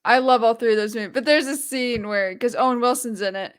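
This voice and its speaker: A woman's voice: a little high, brisk, smooth. A woman co-hosting a casual podcast, chatty and asking the group questions. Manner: chatty, leads the questions, jokes about herself. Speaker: podcast co-host. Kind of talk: casual chat.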